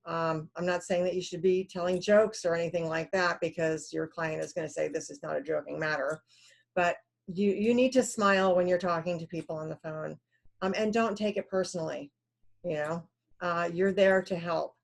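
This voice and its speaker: A woman teaching a recorded computer science lecture in a relaxed, conversational way, with many fillers and quoted asides acting out callers. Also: fairly low pitch, normal speed, creaky.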